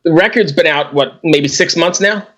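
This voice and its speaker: A man's voice: on the high side, moderate pace, fairly bright tone. Man hosting, easygoing interviewer. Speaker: podcast host.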